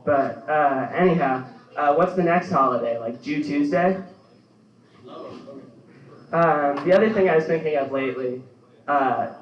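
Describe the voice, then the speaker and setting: A young man in his twenties doing a stand-up set in a small club, rambling and deadpan, often laughing at his own jokes. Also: fairly high pitch. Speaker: stand-up comedian. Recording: roomy, distant, dull club recording. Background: club room.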